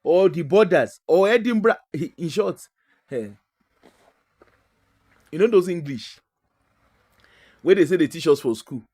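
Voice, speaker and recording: A Nigerian man with a fairly high voice tells stories in a relaxed, chatty way. His pitch swings widely as he talks, and he slips Pidgin into his English with frequent laughs. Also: a little slow, long pauses, husky. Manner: animated, mixes Pidgin into English, laughs often. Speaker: guest. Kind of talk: casual storytelling.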